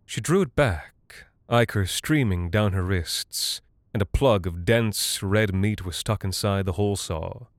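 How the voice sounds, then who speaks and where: Low-voiced man narrating a dark tale. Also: no echo, studio quality. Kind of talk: scripted literary narration.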